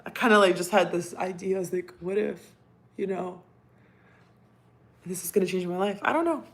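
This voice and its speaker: A Russian-native woman speaks at a moderate pace and medium pitch as she hosts a casual live stream. Between talking to her cat, she reads viewers' comments out loud.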